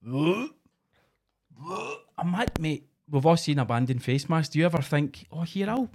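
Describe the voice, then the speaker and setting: A man's voice: fairly high pitch, measured pace, darkish tone, slight background noise. A Scottish man co-hosting a casual podcast, bantering and swearing freely. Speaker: podcast co-host.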